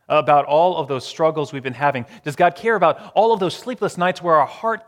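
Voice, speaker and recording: A man preaching a sermon, shifting between strong emphasis and quiet, hushed phrases with long pauses. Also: a little high, long reverb tail. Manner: dramatic pauses, swings from loud to hushed. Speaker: pastor.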